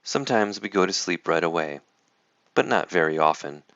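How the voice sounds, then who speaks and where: At an ordinary pace, a man whose voice is smooth and very deep reads a picture book for kids with animated expression. There's no echo; the audio sounds close and dry, though somewhat muffled.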